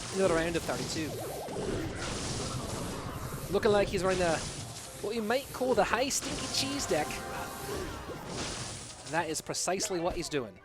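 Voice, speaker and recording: A man voicing an esports caster in a put-on Scottish accent, commenting live on a match in a playful, hammed-up way. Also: high voice. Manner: playful, hamming it up.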